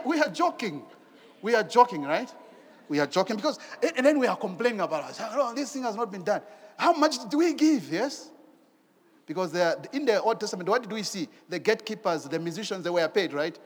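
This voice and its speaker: A man preaching a sermon in an animated way, asking rhetorical questions and repeating his phrases. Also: high-pitched, fast talker, big-room sound.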